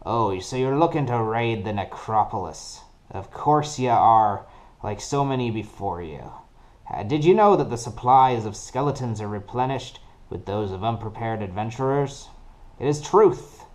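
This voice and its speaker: A man voicing a shrewd male weapon-smith merchant with a put-on foreign accent, giving an ominous sales pitch. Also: lively intonation, normal speed, natural voice. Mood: ominous salesman.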